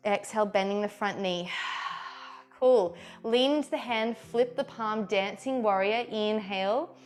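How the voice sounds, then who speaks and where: A woman teaching a vinyasa yoga class, giving calm step-by-step breath and pose cues with encouraging, playful asides. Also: mid-range voice, measured pace. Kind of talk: guided yoga class instruction.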